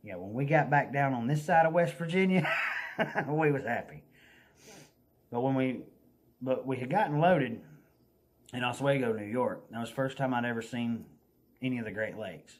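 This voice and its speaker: A man with a Southern US accent telling a folksy, animated story in a casual vlog, laughing as he goes. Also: mid-range voice, normal speed, long pauses.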